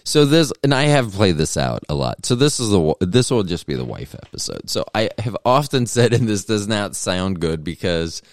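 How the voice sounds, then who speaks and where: A man's voice: on the low side, big pitch swings, moderate pace, hardly any pauses, no echo, clean studio sound. A man hosting a solo podcast, rambling through jokes and self-deprecating asides. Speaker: podcast host.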